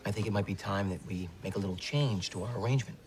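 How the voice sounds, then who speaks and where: A man's voice: on the low side, quick pace, darkish tone, natural voice. A man acting a bumbling, evasive boyfriend in a sitcom.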